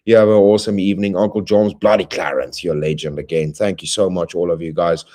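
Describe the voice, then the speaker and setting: A man hosting a livestream, closing with rambling, friendly shout-outs to viewers in playful slang. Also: sits low, steady tone, quick pace. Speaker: livestream host. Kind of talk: casual stream sign-off.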